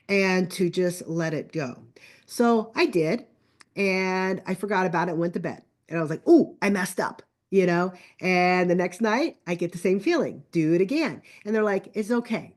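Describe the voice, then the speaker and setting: A middle-aged woman telling a family story in casual conversation, chatty and animated, acting out the lines of her relatives. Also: on the low side. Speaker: guest. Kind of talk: casual storytelling on a podcast call.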